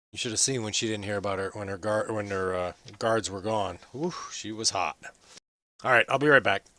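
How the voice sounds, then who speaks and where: Man as a brisk inn guard, lowish and bright, matter-of-fact.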